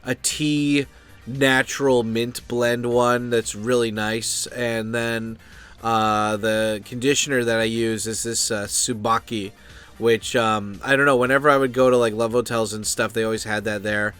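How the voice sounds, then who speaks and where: A man's voice: medium pitch, flat delivery, unhurried, a bit bright, clear, resonant tone, faint music behind. An American man chatting loosely and off-topic, full of fillers, swearing and asides. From United States. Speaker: vlogger. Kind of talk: rambling casual chat.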